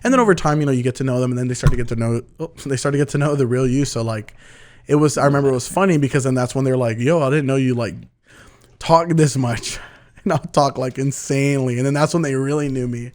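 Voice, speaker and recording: A man's voice: mid-range voice, a little mellow. A young man co-hosting a podcast in casual chat, rambling and laughing a lot. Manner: rambling, laughs often, fast talker. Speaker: podcast co-host.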